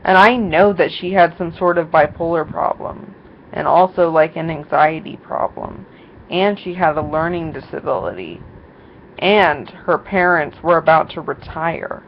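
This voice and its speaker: Her voice is deep and unhurried as this young woman vlogs casually, rambling through a story with many fillers and quoted voices. Faint noise runs through the dull, lo-fi recording.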